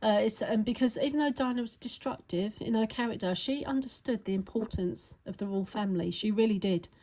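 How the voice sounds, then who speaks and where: A woman's voice: fairly high pitch, fairly quick, mellow, poor audio. A woman giving a casual, rambling tarot reading to camera, talking in a chatty way with many fillers and tag questions. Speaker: tarot reader.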